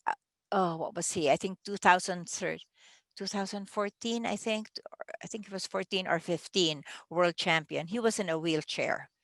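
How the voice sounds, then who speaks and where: A woman with a slightly low voice teaches contest judges how to score speeches. She talks in an easy conversational way, restarting phrases and laughing lightly now and then. The sound is dry and close, with no room echo. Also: moderate pace. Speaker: contest judging trainer. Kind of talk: training talk.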